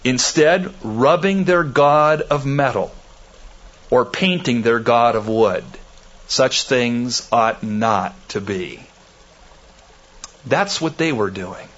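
Slow dramatic preacher, lo-fi recording. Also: male voice, mid-range voice. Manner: dramatic, rising to loud emphatic peaks; slow, deliberate phrasing. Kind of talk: expository sermon.

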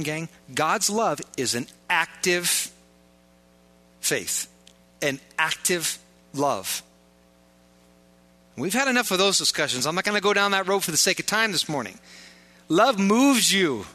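A man's voice: high-pitched, sharp tone. A man preaching a sermon as pastor, joking and informal in asides, pressing his points with emphatic repetition.

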